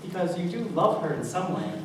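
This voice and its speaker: A man's voice: high voice, sing-song, a little fast. A man playing a wistful, rambling show-tune fan who confides in the audience, recorded from far off in an echoey school hall. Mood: musing. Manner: musing, confiding, rising to exclamations. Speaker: stage actor. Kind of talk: school stage musical acting. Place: school auditorium stage. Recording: echoey hall, distant mic, noisy.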